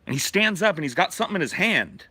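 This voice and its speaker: A podcast host telling a profane, animated story from his childhood in casual talk. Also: high voice, quick pace, breathy edge, no echo.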